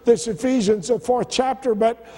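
High-voiced male pastor in a reverberant hall. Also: normal speed, warm tone, husky. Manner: rhetorical questions and stammered restarts. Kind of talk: sermon. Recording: long church-hall reverb.

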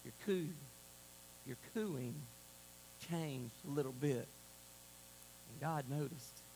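A man preaching a sermon to a congregation, moving between loud exclamations and a hushed altar call. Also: a little high, slow, a little hiss or hum, rough recording. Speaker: pastor. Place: church sanctuary.

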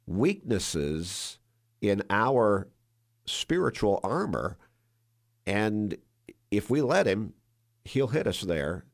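A man, a church minister and radio guest, calmly explaining scripture. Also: lowish voice.

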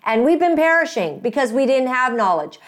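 A woman's voice: sits high, sing-song, moderate pace. A woman hosting an interview, speaking gratefully and effusively, with many fillers and restarts. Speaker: host, interviewer. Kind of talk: casual interview talk.

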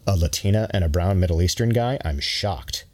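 A man's voice: low-pitched, a little fast, a little mellow. A man doing a sardonic Minnesotan companion. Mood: dry. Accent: slight Minnesotan. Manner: dry and ironic. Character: dry, sardonic man, the old Santa's companion.

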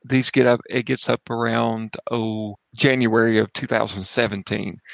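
A man narrates a tabletop horror game as its game master, his voice gravelly with a rough fry. He talks casually and in halting bursts, restarting sentences and adding asides. The sound is close and dry. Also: medium pitch, level tone, dry recording, poor audio. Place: home.

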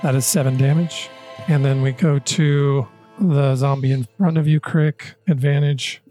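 A man running a tabletop game as game master, calling out rolls and damage in a relaxed way. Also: mid-range voice, unhurried, soft background music.

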